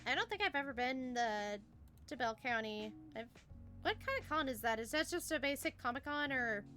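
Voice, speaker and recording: Woman host, casual chat, excitable, bright sharp voice, slightly high. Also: moderate pace, faint music behind. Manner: excitable, gushing fangirl energy. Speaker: streamer host.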